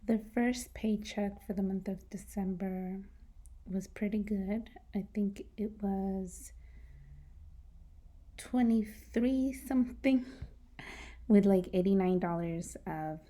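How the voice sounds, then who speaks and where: A woman losing her voice talks through her monthly budget in a casual, soft-spoken way, sometimes dropping to a whisper, on a new microphone. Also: medium pitch, takes it slowly, long pauses. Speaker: personal finance vlogger.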